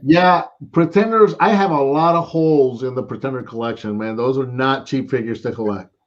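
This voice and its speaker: A man's voice: mid-range voice, normal speed, highs cut off. An American man chatting casually on a live stream about toy collecting, rambling and saying "man" a lot. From United States. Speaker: co-host.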